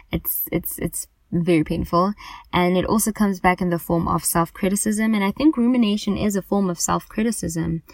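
A woman's voice: lowish voice, no echo. A woman podcast host speaking earnestly and emphatically about anxiety in a personal monologue, often repeating herself for stress.

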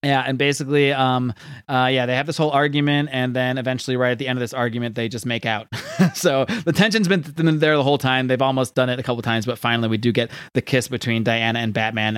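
Guy chatting thru a comic story recap, rambly, lots of um and like, mid pitch, dead dry close mic. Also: smooth, no room sound. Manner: loose and rambling, sprinkles in fillers and paraphrased quotes. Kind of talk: casual comic book recap.

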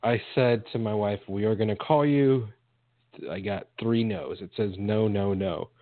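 A man's voice: fairly low pitch, unhurried, no echo. A man co-hosting a podcast in casual chat, trading crude jokes. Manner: joking, crude banter. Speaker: podcast co-host. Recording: tinny phone-like sound.

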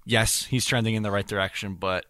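Deep-voiced man, relaxed podcast co-host. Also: fairly quick. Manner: relaxed, teasing, steers the conversation. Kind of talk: casual sports podcast chat.

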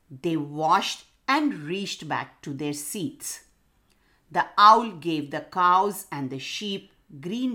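A woman narrating a children's story and asking the listening children questions. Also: medium pitch. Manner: expressive, addresses children directly.

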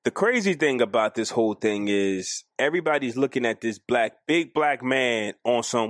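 A man co-hosting a casual podcast, animated and argumentative, often jumping up in pitch for emphasis. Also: moderate pace, hardly any pauses, no echo, clean studio sound. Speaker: podcast co-host.

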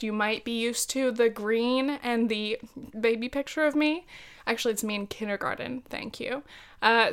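A woman's voice: a little high, a bit bright, clean tone. A young woman hosting her own podcast, chatting casually and laughing at herself as she goes. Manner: chatty, giggly and self-deprecating. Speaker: podcast host. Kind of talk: casual solo podcast chat.

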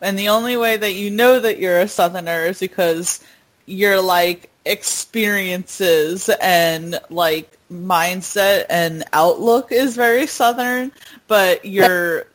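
A woman's voice: medium pitch, slow pace, poor audio. A woman telling a story in casual podcast chat, laughing often and using many fillers.

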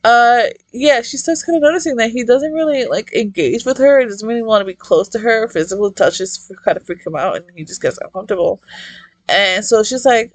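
A young woman reviewing a manga in casual chat, excitable, swearing a lot and rambling off-topic. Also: mid-range voice, fairly quick, no echo.

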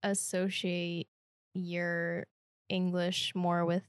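A woman's voice: lowish voice, monotone, extremely slow, clear, resonant tone, no room sound, clean studio sound. A woman co-hosting a casual podcast chat, talking in a thoughtful, questioning way with frequent fillers. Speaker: podcast co-host.

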